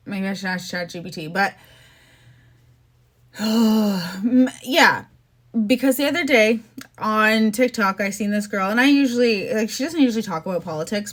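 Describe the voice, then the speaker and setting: A woman's voice: mid-range voice, fairly bright tone. A young woman from Canada hosting a podcast, ranting casually about politics in an exasperated, sarcastic, chatty way. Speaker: podcast host.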